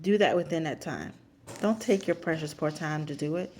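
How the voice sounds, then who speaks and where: A woman casually recapping a reality show episode, chatty and repeating herself for emphasis, and she steers clear of cursing. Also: sits low, normal speed, darkish tone, slight background noise. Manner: avoids cursing.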